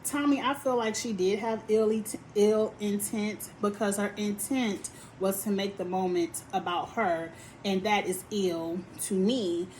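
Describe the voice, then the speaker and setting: A woman gives an opinionated reality TV recap, sassy and animated, scolding the cast as if they could hear her. Her voice sits in a middle register. A faint hiss runs under the recording. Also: mid-range voice, a little slow, poor audio. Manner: sassy, animated, talks straight to the people on the show.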